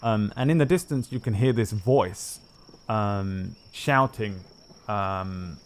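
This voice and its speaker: A man's voice: lowish voice, slow. A man narrating as game master of a tabletop game, talking loosely with many fillers.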